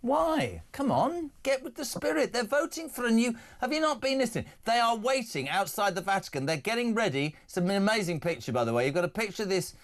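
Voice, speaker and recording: A man hosting a live talk radio show, reading listener messages aloud in a brisk, jokey way. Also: high-pitched, big pitch swings.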